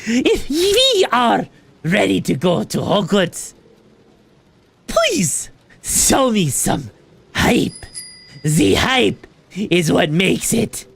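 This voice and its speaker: A woman putting on a stereotypical German accent, playing a theatrical hype host and stretching out each word slowly and heavily. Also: mid-range voice, very animated, gravelly, breathy edge, voice pushed down, heavily acted. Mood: hammy hype. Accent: put-on stereotypical German. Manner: slow, over-pronounced, theatrical.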